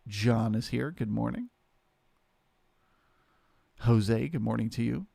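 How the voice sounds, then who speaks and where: Male trading-stream host, gravelly mid-pitched voice, dry close sound, easygoing live commentary. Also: slow pace, dry recording. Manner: relaxed, chatty, greets viewers by name.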